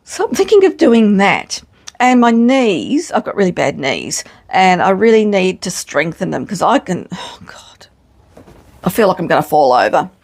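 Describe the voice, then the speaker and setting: A woman's voice: fairly low pitch, very animated, moderate pace, darkish tone. A middle-aged woman, chatting casually to camera in a frank, self-mocking way and swearing freely. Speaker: vlogger. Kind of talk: casual chat.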